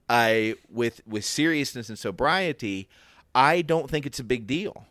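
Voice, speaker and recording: A man's voice: medium pitch, expressive, normal speed, sharp tone, no echo. A man talking through a Bible chapter in an easy podcast chat, his voice sitting in the middle of the male range. He thinks aloud, restarts his sentences and voices the questions running through his head. The recording is close and dry, with no room sound. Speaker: podcast co-host. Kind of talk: casual Bible discussion.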